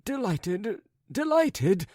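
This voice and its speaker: A man's voice: high voice, very animated, very slow, warm tone, no echo, clean studio sound, voice pushed up, exaggerated voice. A man voicing a flustered, over-polite jealous husband.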